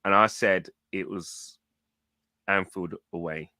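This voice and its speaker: A man talking through a match in casual, animated chat, often stumbling over and repeating his words. His voice sits fairly low and is recorded close and dry, with no room sound. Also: slow pace, dry recording. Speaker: football fan show co-host.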